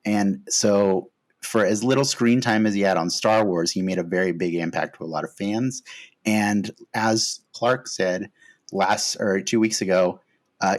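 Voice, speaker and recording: Low-voiced man hosting a podcast. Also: a little slow. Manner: relaxed, many "uh" fillers, earnest. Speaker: podcast host. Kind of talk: casual podcast chat.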